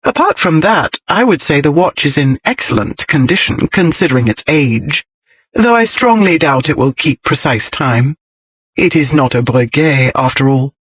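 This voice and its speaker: A man voicing a composed young lady who speaks crisply and teases with dry wit. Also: a little high, animated, moderate pace, fairly bright tone, dry recording. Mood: cool teasing. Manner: crisp, poised, dryly teasing. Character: composed, witty young lady, cool and teasing.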